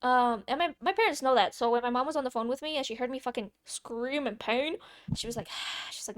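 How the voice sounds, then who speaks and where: A young woman vlogger telling a casual story, chatty and playful, swearing freely with quick asides. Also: high-pitched, dry recording, studio quality.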